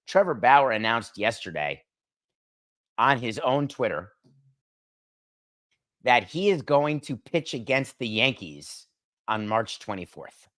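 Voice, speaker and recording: A man's voice: mid-range voice, very animated, slow, long pauses, a bit bright. A middle-aged man hosting a solo sports talk show, brash and opinionated, firing off emphatic rhetorical questions.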